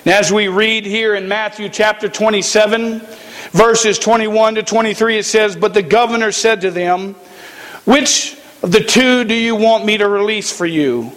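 A man preaching a sermon in a church, slow and emphatic with dramatic pauses. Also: high voice, fairly bright tone, big-room sound. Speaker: pastor.

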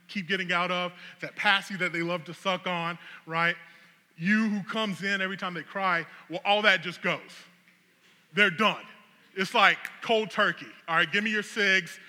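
Like a pastor on stage, a man with a high, very bright and sharp voice tells a lively, funny story to illustrate his sermon. His words ring out with the long reverb of a large hall.

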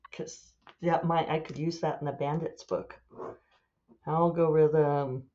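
A woman's voice: low voice, fairly even intonation, normal speed, few pauses, darkish tone, dull audio. A woman author chatting casually and rambling, amused at her own asides as she thinks aloud. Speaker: author and podcast host. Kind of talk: casual solo chat.

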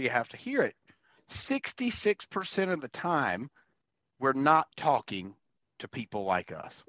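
An enthusiastic male podcast host who talks in loose, rambling sentences. His pitch is a little high and swings a lot. The sound is slightly muffled and dry. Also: a bit bright, no room sound. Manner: enthusiastic, rambling, restarts often. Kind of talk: casual podcast conversation.

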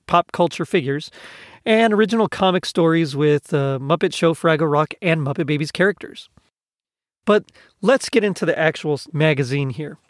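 Casual male narrator, slightly high voice, close dry recording. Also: dry recording. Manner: casual, informative, occasional fillers. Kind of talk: reading a magazine story aloud.

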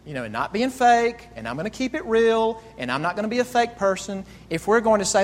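Man, pastor, earnest sermon, repeats himself, rhetorical questions, somewhat high voice, long echo. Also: lively intonation, a little fast, few pauses.

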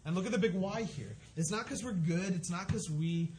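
A man's voice: sits high, moderate pace, a little mellow, a little hiss or hum. Earnest conversational male pastor. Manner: earnest, conversational with frequent restarts. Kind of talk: sermon.

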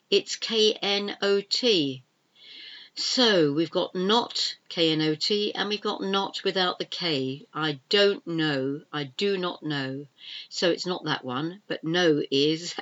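A low-voiced woman gives a pronunciation lesson at an unhurried pace, repeating each word and spelling it out letter by letter. The recording is slightly muffled and lo-fi. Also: a bit bright. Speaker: English teacher.

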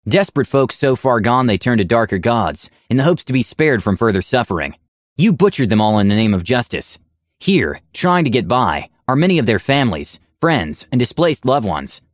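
A man doing a silky, cold lizardfolk gentleman. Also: medium pitch, sing-song, dry recording, studio quality, natural voice. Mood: measured. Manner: measured, quietly menacing. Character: calm gentleman male lizardfolk, cold-eyed, self-assured.

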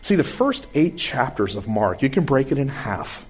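A man giving a conversational sermon-style Bible lesson, folksy and animated, who swings between brisk asides and slow, quiet emphasis. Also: mid-range voice, husky. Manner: folksy, animated, uses homespun comparisons. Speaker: Bible teacher.

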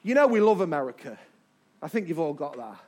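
A man's voice: on the high side, very animated, a little fast, a little mellow, breathy edge. A man preaching a sermon to a live congregation, emphatic and stretching key words as he draws in the crowd. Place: church before a live congregation.

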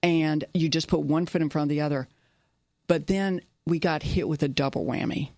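Middle-aged woman, earnest interview storyteller, gravelly tone, dry close sound. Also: deep voice, moderate pace, a little mellow, dry recording. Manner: earnest, repeats key phrases. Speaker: business owner guest.

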